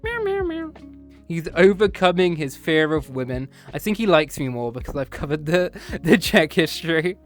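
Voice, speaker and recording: A man's voice: a little high, normal speed, few pauses, soft background music. Playful man meowing at stream chat. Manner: playful and teasing, drops into meows and growls. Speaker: streamer teaching history to chat. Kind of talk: casual live-stream chat with viewers.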